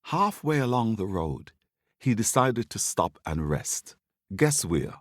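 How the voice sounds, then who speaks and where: A man from Antigua, telling a folk tale for children in a playful, expressive way. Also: fairly low pitch, slow, dry recording, clean studio sound. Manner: playful, expressive, with big rises for drama. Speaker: storyteller. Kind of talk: storytelling for children.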